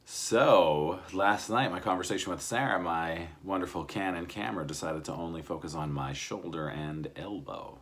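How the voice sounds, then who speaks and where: A man hosting a casual chat outdoors near traffic, easygoing and jokey. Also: sits low. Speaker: host.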